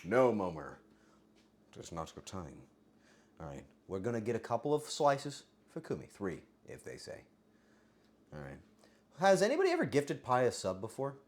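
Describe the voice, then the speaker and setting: Lively, crude livestreamer chatting with viewers. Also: mid-range voice, normal speed, long pauses. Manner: crude, joking, bursts into yelling. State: voice getting hoarse. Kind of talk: casual livestream chat with viewers.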